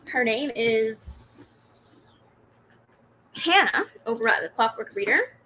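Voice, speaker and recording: A woman's voice: on the high side, sing-song, slow pace, pushed and bright, slight background noise, low-quality recording. A young woman hosting a casual reading livestream, chatting animatedly and giggling as she answers comments. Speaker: booktube livestream host. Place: home room with a fan running.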